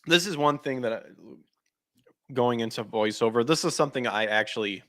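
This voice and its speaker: A man hosts a podcast in a blunt, casual rant, peppering his talk with swearing. He often restarts and trails off mid-sentence as he hunts for words. His voice sits at an everyday pitch and sounds dry and close, with no room around it. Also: a little fast, a bit bright, no room sound. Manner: blunt, frequently swearing, emphatic. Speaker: podcast host.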